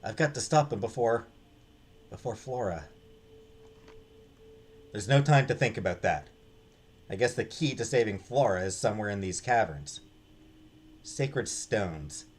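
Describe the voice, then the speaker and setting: A man's voice: fairly low pitch, animated, unhurried, long pauses, husky. Man doing a defiant young adventurer. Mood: determined. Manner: urgent, defiant. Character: frantic, stubborn young adventurer.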